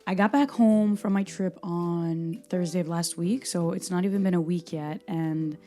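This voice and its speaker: Young woman from Brazil hosting a solo podcast; low, mellow voice, excitable and chatty. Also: soft background music. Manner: animated, talks fast and passionately, laughs at herself. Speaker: podcast host. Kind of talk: casual solo podcast talk.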